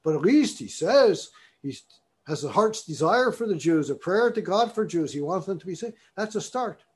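A man's voice: high voice, animated, normal speed. Man lecturing, reading texts aloud. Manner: discursive, reads passages aloud with emphasis. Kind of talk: university lecture.

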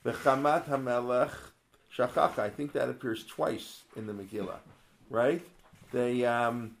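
A man's voice: mid-range voice, a little slow, vocal fry. A man teaching a text study class in a casual, conversational way, asking rhetorical questions and quoting verses aloud. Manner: conversational, asks many rhetorical questions, quotes Hebrew verses; digressive, with many restarts. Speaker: religious studies teacher. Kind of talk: Torah class lesson.

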